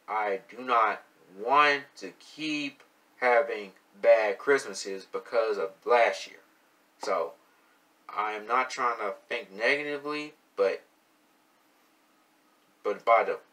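A young man in his twenties talks straight into the camera in a loose, rambling vent. His voice is very bright and sits a little far from the mic. He stumbles through fillers and restarts, then pushes into loud, indignant bursts. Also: mid-range voice. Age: 20s. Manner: halting, many fillers and restarts, swings from subdued to loud and indignant. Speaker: vlogger, graphic designer. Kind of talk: casual venting monologue.

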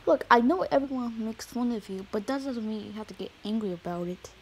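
A woman voicing a calm male therapist who speaks gently and reassuringly in a homemade toy skit. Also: on the high side, fairly quick, a little hiss or hum, natural voice, low-quality recording.

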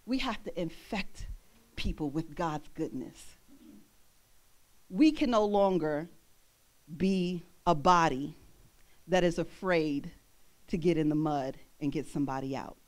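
A young woman minister preaching a sermon in a church, animated, laughing often and breaking into song. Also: deep voice, slow pace, long pauses.

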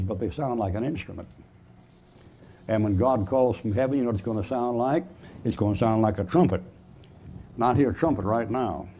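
A man's voice: on the low side, dark tone, a little hiss or hum. A man preaching a chalk-talk sermon in a church, folksy and emphatic, putting questions to the audience and answering them himself.

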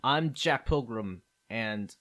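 A man's voice: mid-range voice, expressive, takes it slowly, a bit bright. A man playing a tabletop game, speaking for his character in an earnest, casual way. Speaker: player. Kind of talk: casual tabletop role-play.

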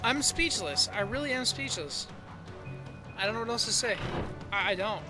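A gameplay commentator with a mid-range voice grumbles and curses through a let's play, flaring into loud outbursts of disbelief. Game music plays clearly underneath the talk. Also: mid-range voice, lively intonation, moderate pace.

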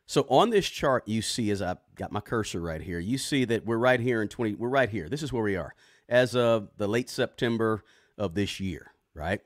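A man's voice: fairly low pitch, expressive, moderate pace, no echo, studio quality. A man hosting a live finance stream, walking viewers through a chart with a casual, repetitive style and lots of "right?" and "guys". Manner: restarts and repeats words. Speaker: finance YouTuber. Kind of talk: live screen-share explainer.

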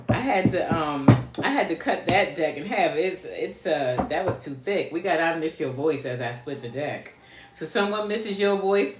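A woman's voice: fairly low pitch, reverberant, background noise. Blunt laughing woman reading cards. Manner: blunt, profane, laughs a lot; chats with viewers. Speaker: spiritual card reader. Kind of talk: casual live card reading.

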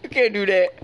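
Giggly teasing man, slow and lively. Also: very high-pitched, slight background noise, poor audio. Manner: giggly, teasing, laughs constantly. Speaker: channel host. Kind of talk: casual gaming chat.

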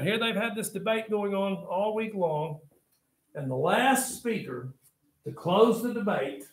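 Animated male history teacher in an echoey classroom. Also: sits high. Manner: animated storytelling, asides telling students to take notes. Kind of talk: classroom lecture.

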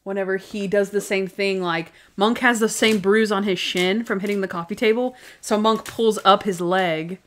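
A woman's voice: mid-range voice, normal speed, few pauses, slight background noise. Laughing woman podcast co-host. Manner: animated, laughs often while retelling scenes. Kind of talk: casual podcast chat.

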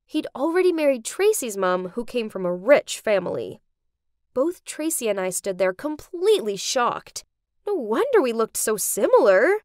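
A woman narrating a dramatic first-person story in a scripted, expressive way. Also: on the high side, no echo, clean studio sound.

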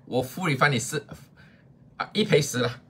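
A Singaporean man in his fifties chats casually while selling on a live stream, teasing playfully and making exaggerated pleas. His voice is a little high and a bit bright with a breathy edge, moving at a moderate pace.

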